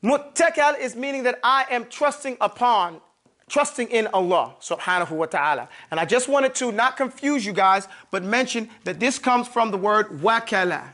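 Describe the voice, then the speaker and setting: A man's voice: very high-pitched, moderate pace, sharp tone. A man teaching a classroom grammar lesson, repeating words and often checking that students follow. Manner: repetitive, checks understanding with "okay?" and "you follow me?". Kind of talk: classroom lesson, explaining at a board.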